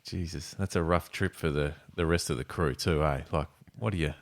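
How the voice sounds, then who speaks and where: A man's voice: extremely low pitch, moderate pace, vocal fry. A man hosting a podcast, rambling and laughing in casual chat. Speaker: podcast host.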